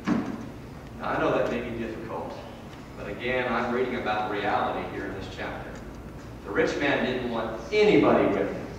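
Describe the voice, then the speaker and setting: Emphatic preacher in an echoey hall. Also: male voice, a little fast, recorded from a distance, noisy background. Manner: rises to emphatic peaks then drops low and quiet. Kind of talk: sermon. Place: church hall.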